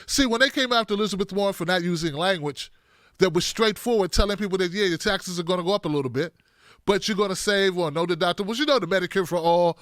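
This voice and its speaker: A man hosting a casual political commentary monologue, animated and emphatic, repeating points to drive them home. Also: high voice, dry recording, studio quality.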